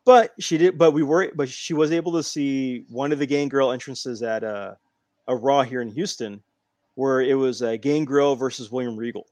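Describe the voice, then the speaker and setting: Excitable man telling stories. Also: mid-range voice, moderate pace, no echo. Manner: enthusiastic storyteller, acts out quotes. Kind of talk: casual podcast chat.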